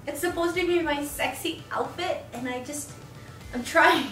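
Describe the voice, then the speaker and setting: A woman of thirty in a casual birthday vlog, gushing and gasping with excitement as she unpacks and tries on outfits. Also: sits high, a little slow. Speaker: vlogger. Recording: echoey room, mic at a distance, loud music. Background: music.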